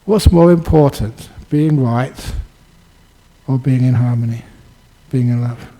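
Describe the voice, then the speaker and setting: An older man, a Buddhist monk, giving a dharma talk with lively storytelling and chuckles. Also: mid-range voice, takes it slowly, rough recording. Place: Buddhist centre.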